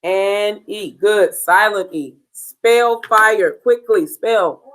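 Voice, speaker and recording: A woman teaching a beginners' phonics lesson, slow and deliberate, drilling sounds and spelling words letter by letter. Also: mid-range voice, fairly bright tone, poor audio.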